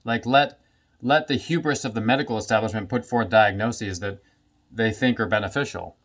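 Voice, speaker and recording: A man's voice: lowish voice, moderate pace, fairly bright tone, muffled recording. A man who works as a somatic healing practitioner, talking casually to camera and often laughing between his phrases.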